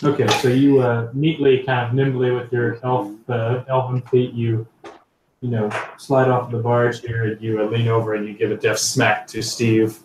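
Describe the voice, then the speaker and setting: A man's voice: mid-range voice, flat delivery, normal speed. A man narrating as game master of a tabletop game, rambling with many fillers. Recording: roomy, distant mic, faint noise.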